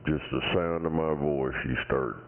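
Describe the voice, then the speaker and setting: A man, taunting and swearing in gruff banter over the CB radio. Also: very deep voice, steady tone, normal speed. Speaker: CB radio talker. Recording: tinny radio transmission with faint noise.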